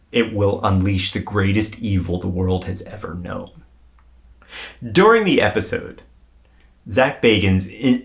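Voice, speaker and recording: A man with a fairly low voice walks his co-host through a strange story. His delivery is loose and conversational. He swears casually and builds the suspense as he goes. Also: gravelly. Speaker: podcast co-host.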